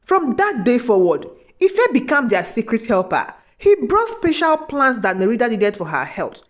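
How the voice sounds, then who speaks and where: Expressive woman storyteller, very lively pitch. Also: moderate pace. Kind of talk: scripted story narration.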